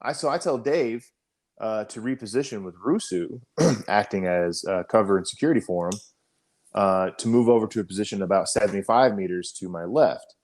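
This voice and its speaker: A man with a fairly low voice recounts a combat story on a casual podcast. He talks loosely and swears often, with plenty of "you know" and "um" between his points. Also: moderate pace. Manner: profane, animated storytelling, frequent fillers. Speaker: podcast co-host, army veteran.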